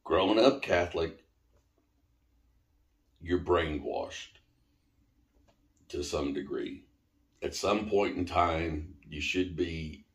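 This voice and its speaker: A middle-aged man, the host's father, telling a personal story in a casual, animated way and swearing now and then. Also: deep voice. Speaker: interviewee, father of the host. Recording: roomy echo.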